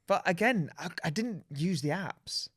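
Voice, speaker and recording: A man co-hosting a podcast, with a fairly high voice that rises and falls a lot. He talks reflectively and often stops and restarts his sentences. The recording is dry. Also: animated, a little slow, fairly bright tone, husky, no echo. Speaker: podcast co-host. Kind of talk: casual chat.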